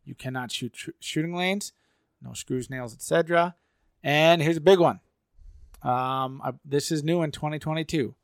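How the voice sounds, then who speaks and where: A man's voice: on the high side, normal speed, dry recording, studio quality. A man, co-hosting a podcast and walking through rules point by point. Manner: explains rules point by point, with restarts. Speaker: podcast co-host. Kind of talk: casual explanation of hunting rules.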